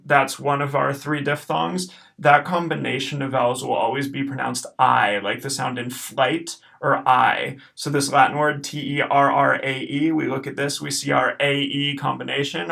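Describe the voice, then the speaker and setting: Patient, gravelly male Latin teacher. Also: medium pitch, fairly bright tone. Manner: patient, repeats each word slowly and clearly. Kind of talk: recorded pronunciation lesson.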